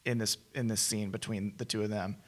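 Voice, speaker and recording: A man co-hosting a film podcast, recapping a movie in a lively, rambling way and laughing often. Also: on the low side, a little fast. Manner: enthusiastic, laughs often, restarts phrases. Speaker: podcast co-host. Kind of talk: casual film review chat.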